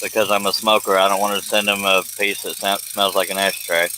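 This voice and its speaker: A man's voice: sits low, level tone, fairly quick. A man co-hosting a live stream, trading dry jokes in casual banter. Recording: noisy live stream audio.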